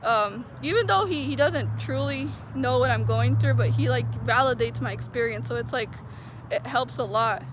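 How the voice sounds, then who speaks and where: A woman with a high voice tells her story in a loose, rambling way, with "like" in nearly every phrase. She talks straight to her viewers. The recording is full of street traffic and city noise. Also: normal speed. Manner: rambling, heavy use of "like" fillers. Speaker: vlogger. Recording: noisy outdoor street recording.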